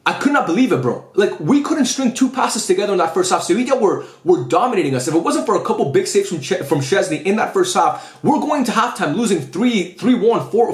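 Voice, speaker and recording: Fast-talking frustrated man ranting. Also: high voice, echoey room. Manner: frustrated, profane, repeats himself. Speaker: football fan reviewer. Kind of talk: ranting post-match review.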